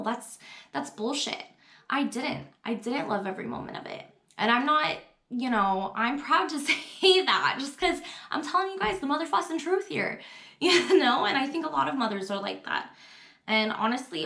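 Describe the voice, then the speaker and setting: A young adult woman telling her own story to the camera in a candid, chatty vlog, full of fillers and quick laughs. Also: a little high, sharp tone, roomy sound. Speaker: vlogger.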